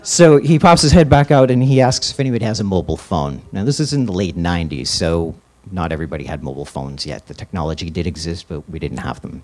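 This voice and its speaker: A radio DJ telling a personal story live on stage, casual and rambling with fillers. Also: male voice, low-pitched, darkish tone.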